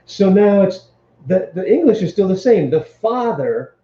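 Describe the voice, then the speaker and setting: A man's voice: sits high, big pitch swings, unhurried, dark tone, roomy sound, highs cut off. A man teaching Hebrew grammar to a live stream, explaining step by step and checking in with his listeners. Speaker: Bible teacher.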